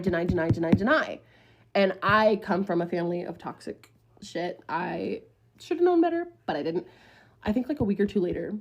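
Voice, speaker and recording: Animated, foul-mouthed young woman storyteller. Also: mid-range voice. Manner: profane, animated, rambling. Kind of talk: casual storytime to camera.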